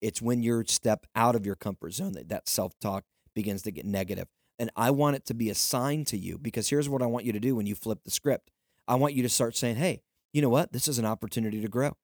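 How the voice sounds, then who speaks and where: A man's voice: mid-range voice, fairly quick, a little mellow, no room sound, studio quality. Earnest man giving a motivational talk. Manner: earnest, emphatic, repetitive exhortation. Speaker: podcast host.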